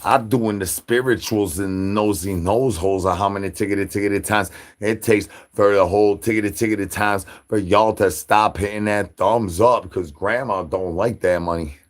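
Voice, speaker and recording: A man's voice: on the low side, fairly even intonation, normal speed, few pauses. A man hosting a livestream, rambling in goofy nonsense wordplay and chants. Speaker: livestream host.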